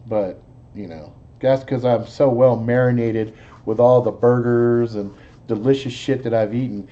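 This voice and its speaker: A man's voice: medium pitch, steady tone, unhurried, muffled recording. A man hosting a live show, chatting casually in a profane, rambling, laid-back way. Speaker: host. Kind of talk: casual chat, movie talk.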